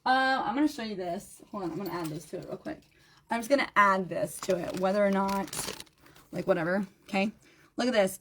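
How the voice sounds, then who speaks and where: A woman with a fairly high voice runs a live-stream jewelry sale, chatty and friendly with her viewers. She sounds tired and low on energy, greeting people by name and repeating item numbers again and again. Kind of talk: live-stream sales chat.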